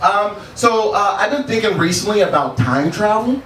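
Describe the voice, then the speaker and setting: A male stand-up comic with a fairly high voice, talking in a laid-back way and chuckling after his own punchlines. His pitch moves around a lot. The mic sits at a distance in an echoey bar, with clear room ambience behind. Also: expressive, normal speed, background noise. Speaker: stand-up comedian. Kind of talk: stand-up set. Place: bar stage.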